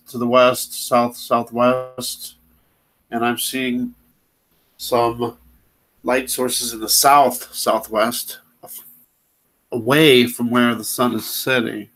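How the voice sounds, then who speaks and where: A man's voice: mid-range voice, a bit bright, poor audio. Rambling man hosting his own channel. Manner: rambling, impatient with slow computer. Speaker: channel host. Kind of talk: casual commentary while browsing videos.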